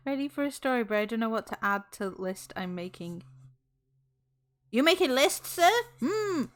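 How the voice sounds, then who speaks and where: A woman's voice: fairly high pitch, lively intonation, moderate pace. A woman streamer chatting casually with her viewers, bubbly and giggly, laughing often.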